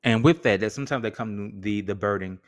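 A man's voice: on the low side, brisk. A man hosting a solo podcast in a casual, joking, slangy way. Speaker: podcast host.

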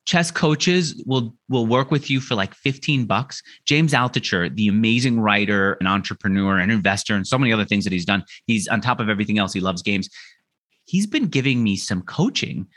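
Animated man telling stories. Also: on the low side, fairly quick. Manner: animated, acts out quoted dialogue. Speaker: podcast guest. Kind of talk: conversational storytelling.

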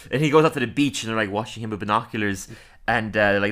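A man hosting a podcast, recapping a cartoon episode in casual chat, animated and laughing often. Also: lowish voice, fast talker. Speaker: podcast host.

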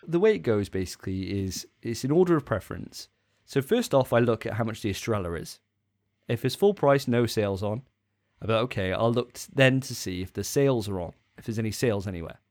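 A man's voice: lowish voice, animated, fairly quick, darkish tone. A young man co-hosting a podcast, chatting casually with a jokey, self-mocking way of telling stories. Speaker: podcast co-host. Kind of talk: casual chat.

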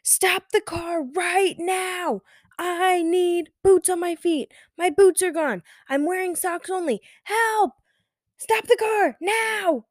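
A woman voicing her panicked three-year-old daughter, who shouts frantic demands through tears. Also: very high voice, slow pace, dry recording, studio quality, voice pushed up.

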